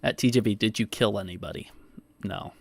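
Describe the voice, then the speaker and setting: A man's voice: on the low side, brisk, dry recording. A man hosting a livestream, arguing with his chat in casual, profane, defensive talk and reading comments aloud. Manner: defensive, swears often, reads chat aloud. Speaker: livestream host.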